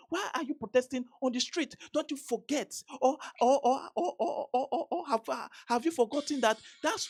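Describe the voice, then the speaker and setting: A Nigerian woman vlogger giving an emphatic political commentary, repeating phrases and restarting sentences as she presses her points. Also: sits high. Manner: emphatic, repetitive, stammering restarts.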